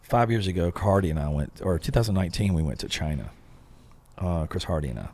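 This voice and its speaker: Man, podcast host, very deep voice, lively intonation, chatty, casual interview. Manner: chatty, quick reactions and asides.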